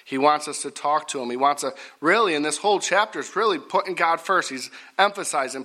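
A middle-aged man preaching a folksy sermon, repetitive and rising to loud emphatic bursts. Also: a little high, fairly quick, hardly any pauses.

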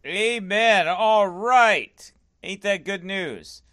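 A man's voice: high-pitched, extremely slow, pushed and bright, soft background music. A man pastoring a livestream, firmly answering viewer comments and repeating himself for emphasis. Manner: firm, defensive, repeats himself.

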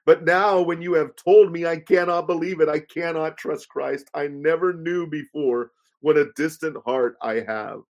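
Guy doing a dying woman, slow halting words, pleading, a bit higher than his own voice. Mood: anguished. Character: dying young woman, penitent, then peaceful.

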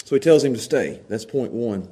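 A man's voice: mid-range voice, lively intonation, moderate pace, dark tone. A man preaching a sermon as pastor, emphatic and repeating words as he pleads.

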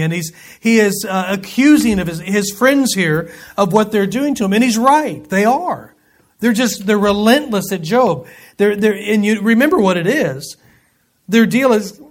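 Guy with a high voice doing a laid-back bible study, reads verses then cracks jokes. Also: expressive, measured pace. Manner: folksy, joking asides between scripture readings. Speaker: Bible teacher.

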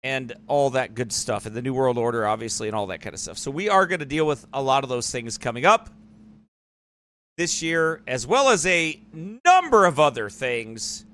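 A man's voice: mid-range voice, lively intonation, normal speed, a bit bright. A man hosting a live church online broadcast, talking in a rambling, digressive way in casual commentary. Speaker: church livestream host.

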